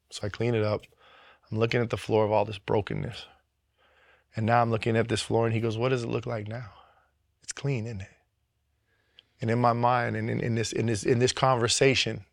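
A man's voice: mid-range voice, vocal fry, dry recording, clean studio sound. A man giving a personal faith testimony, speaking earnestly and emotionally, with frequent repetitions and restarts.

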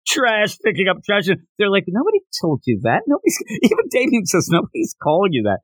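A man hosting a podcast, casually recapping a manga chapter and acting out the characters' lines in quick voices. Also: high voice, wildly swooping pitch, darkish tone, dry recording. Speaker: podcast host.

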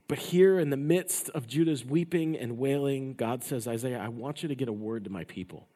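A male pastor preaching a sermon, rising to loud emphatic passages and dropping to hushed endings. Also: medium pitch, animated, moderate pace, hardly any pauses. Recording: long reverb of a large hall.

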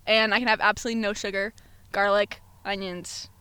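A woman in her twenties, chatting as a podcast guest and telling her story in a lively, slangy way with frequent laughter. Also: medium pitch, a little fast, smooth, no room sound. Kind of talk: casual chat.

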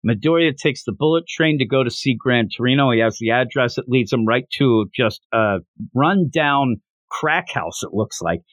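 Animated man recapping a manga. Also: medium pitch, moderate pace, no echo. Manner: animated, enthusiastic retelling. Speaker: podcast host.

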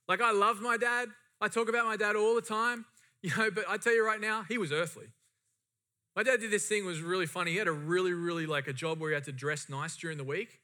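A man's voice: sits high, pushed and bright. A middle-aged man preaching a sermon to a congregation with impassioned, rising and falling emphasis. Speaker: pastor.

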